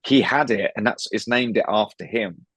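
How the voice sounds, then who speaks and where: A man's voice: on the low side, moderate pace, fairly bright tone, slightly rough, dry recording. A British man, a comedian guest, chatting casually on a podcast with frequent stammered restarts. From United Kingdom. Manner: stammering restarts, acts out voices.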